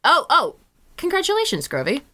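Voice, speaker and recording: A woman's voice: high voice, huge pitch swings, normal speed, bright, forceful tone. A woman streamer, bubbly, rambling and apologetic, chatting casually while signing off.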